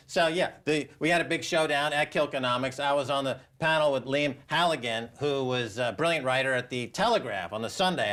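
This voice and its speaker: A man hosting a show, giving sardonic financial commentary in an animated, mocking way and laughing often. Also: medium pitch. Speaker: show host.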